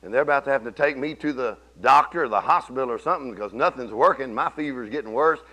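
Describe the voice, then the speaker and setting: A middle-aged man preaching a sermon, telling folksy stories and swinging from low murmurs to loud exclamations. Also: fast talker. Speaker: pastor.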